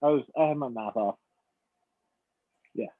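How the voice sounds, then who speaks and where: A man's voice: medium pitch, measured pace, no echo. Man on a tinny, dry phone-like line. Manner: relaxed, swears freely, rambling. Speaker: podcast co-host. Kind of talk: casual chat.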